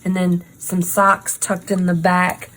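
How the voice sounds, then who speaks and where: A woman's voice: on the low side, completely flat delivery, takes it slowly, fairly bright tone, a little hiss or hum, poor audio. A woman hosting a casual true crime chat while crafting, talking in an indignant, sarcastic, emphatic way. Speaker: host.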